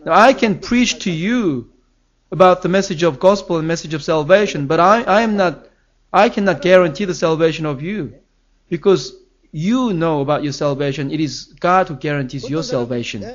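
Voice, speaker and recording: A man's voice: fairly high pitch, normal speed, muffled recording. A man preaching a sermon as pastor, earnest and emphatic, his voice rising on key phrases.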